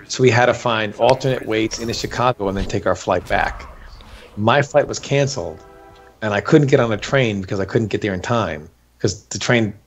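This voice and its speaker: A man's voice: fairly low pitch, breathy edge. A man chatting casually as a co-host, telling tournament stories, laughing and acting out quotes. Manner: animated, laughing, acts out quotes. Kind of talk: casual storytelling chat.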